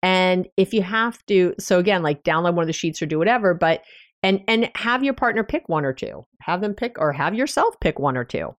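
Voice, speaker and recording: A woman's voice: fairly low pitch, expressive, fairly quick, dry recording, studio quality. A woman, a couples therapist hosting her own podcast, talking relationship advice in a conversational, anecdotal way with small laughs and restarts. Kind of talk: solo podcast advice talk.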